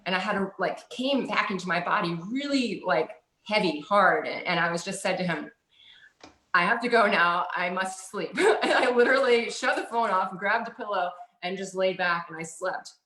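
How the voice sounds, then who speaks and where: A woman's voice: mid-range voice, expressive, moderate pace, hardly any pauses, fairly bright tone. Woman guest, loose chatty storyteller, filler-heavy, roomy echo around her voice. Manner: rambling, many "like"s, laughs often. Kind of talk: casual spiritual storytelling. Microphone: video call.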